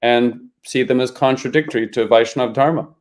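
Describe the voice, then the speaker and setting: A man's voice: mid-range voice, fairly even intonation, moderate pace, a little mellow. A man co-hosting a podcast, thinking aloud in a reflective, hedging way. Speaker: podcast co-host. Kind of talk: casual chat.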